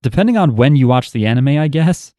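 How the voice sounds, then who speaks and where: A man's voice: medium pitch, animated, fast talker, warm tone, no room sound, clean studio sound. A man co-hosting a podcast in casual chat, joking and rambling with some swearing. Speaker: podcast co-host.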